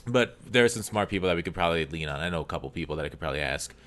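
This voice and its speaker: A man's voice: deep voice, animated, rapid-fire, fairly bright tone. A man reasoning through an argument in a casual podcast debate, often restarting his sentences. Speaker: podcast co-host.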